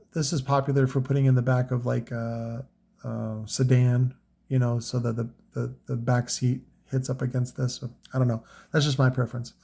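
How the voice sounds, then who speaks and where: With vocal fry and a slightly mellow, mid-range voice, this man rambles loosely about the car audio gear he sells. The unscripted review is casual and peppered with fillers and swearing.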